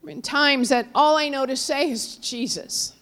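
A woman preaching in a slightly high voice. She tells a story with strong swings, rising loud and high for the cries, then sinking to soft, low murmurs. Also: fairly even intonation, moderate pace. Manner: storytelling, dramatic swings from loud cries to hushed near-whispers; quotes figures in raised voices, drops low and soft on God. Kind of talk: sermon.

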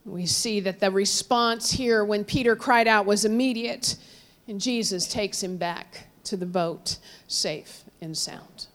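A woman preaching a sermon, telling a story with sudden swings between raised cries and hushed, low passages. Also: slow. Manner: storytelling, dramatic swings from loud cries to hushed near-whispers; quotes figures in raised voices, drops low and soft on God.

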